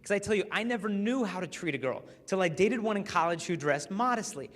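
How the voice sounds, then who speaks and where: A man with a fairly high voice gives a talk to a live crowd. He tells stories with lively energy and slips into the voices of the people he quotes. His voice rings with the long reverb of a large hall. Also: brisk. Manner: lively storyteller who acts out the people he quotes. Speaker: speaker. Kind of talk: public talk to a live audience.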